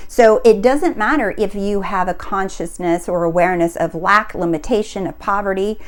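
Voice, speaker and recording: A woman's voice: mid-range voice, normal speed. A woman coaching on spiritual wealth, speaking in an earnest, emphatic way and often asking if listeners see her point. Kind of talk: spiritual teaching talk.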